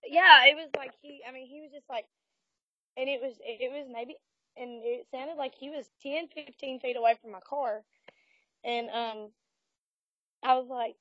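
A woman telling a personal ghost story in casual conversation, animated and laughing as she acts out what people said. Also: high voice, moderate pace, dry recording, dull audio. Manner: animated, laughing, voices quoted speech.

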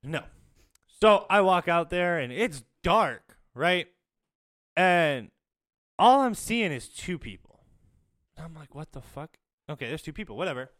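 A man's voice: a little high, expressive, a little slow, long pauses, a bit bright. A man telling a profane story in casual podcast chat, laughing through the punchlines.

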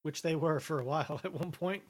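A man's voice: on the high side, a little fast. A young man co-hosting a casual chat, easygoing and agreeable, often laughing. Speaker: podcast co-host.

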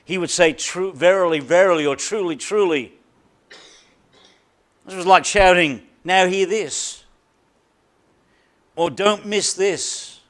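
A pastor delivering a sermon, preaching emphatically with deliberate repetition and dramatic drops to a quiet voice. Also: male voice, high voice.

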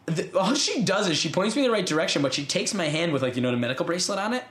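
Fast-talking young American man telling a story. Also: high-pitched, sing-song, fairly bright tone, roomy sound. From United States. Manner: rambling, self-mocking, laughs often. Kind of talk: casual storytelling chat.

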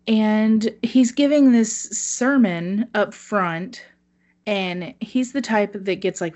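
A woman telling a story on a casual podcast, animated and swearing, laughing at herself. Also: medium pitch. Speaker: podcast co-host.

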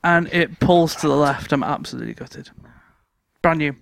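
High-voiced man laughing through stories. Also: normal speed, gravelly, a bit bright, no echo. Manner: tells anecdotes, laughing often between lines. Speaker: podcast co-host. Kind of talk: casual podcast chat.

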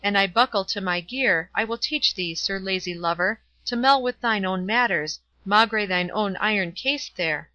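A loud, blustering friar, burly and quick to quarrel, as a woman reads him aloud in an audiobook. The voice is bright and sharp, the sound dry and a little dull. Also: medium pitch, no room sound, lightly acted.

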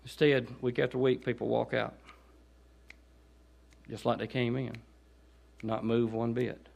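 A man with a Southern accent preaching a guest sermon in a church, dropping to quiet asides and then rising into loud, pleading exhortation. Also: flat delivery, measured pace, vocal fry. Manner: swings from low conversational asides to high shouted pleading. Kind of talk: Baptist sermon. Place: church sanctuary.

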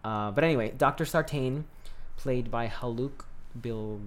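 A man's voice: mid-range voice, a little slow, a little hiss or hum. A man co-hosting a casual podcast about a horror film, talking loosely with lots of fillers and frequent laughs. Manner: chatty, laughs often, many "like" and "um" fillers. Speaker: podcast co-host. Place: recording with a co-host.

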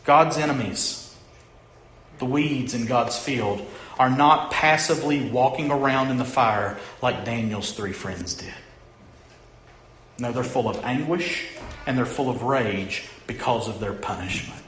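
A middle-aged male pastor preaching a sermon, who keeps asking the congregation questions and moves between loud emphasis and hushed lines. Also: mid-range voice, takes it slowly, pauses often, a little hiss or hum. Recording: echoey room.

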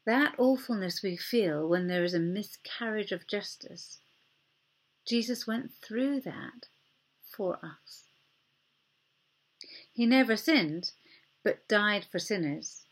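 Breathy woman preaching gently. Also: medium pitch, expressive, slow pace, pauses often. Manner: earnest, gentle, drops to soft near-whispers for emphasis. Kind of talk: sermon.

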